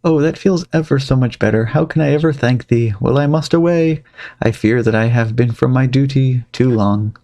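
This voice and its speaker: A man voicing a pleading old-fashioned colonial gentleman in archaic speech. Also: mid-range voice, normal speed, close to an everyday voice. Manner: archaic, beseeching.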